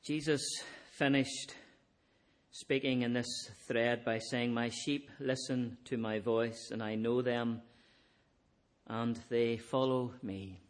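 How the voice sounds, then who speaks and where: Slow-spoken male preacher. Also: mid-range voice, fairly even intonation. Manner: earnest, rising to emphatic peaks then dropping soft. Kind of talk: sermon.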